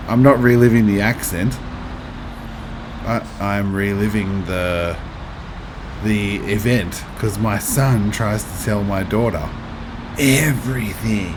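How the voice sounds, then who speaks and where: 30s guy streaming a game, lowish voice, chatty, reads chat out loud, humming noise behind. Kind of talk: casual live-stream chat while playing.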